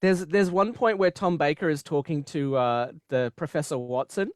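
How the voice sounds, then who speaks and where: A podcast co-host in casual chat, with a middle pitch and a dry, close sound. The co-host keeps laughing and acts out scenes in quick put-on voices. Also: a little mellow, dry recording.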